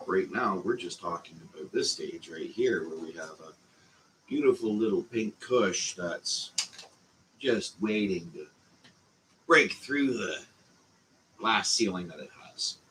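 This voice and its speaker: A man with a Canadian accent hosting a casual growing class, talking slowly and meandering with lots of fillers. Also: sits low, animated, fairly bright tone, a little hiss or hum, low-quality recording. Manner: slow, meandering, with frequent fillers. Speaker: channel host teaching a growing class. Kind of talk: casual instructional talk.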